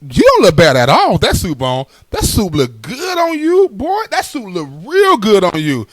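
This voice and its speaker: A man doing a coaxing high-voiced mom. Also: huge pitch swings, a little slow, a bit bright, dry recording, clean studio sound, heavily acted. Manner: coaxing, drawn out. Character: coaxing mother, soothing her son.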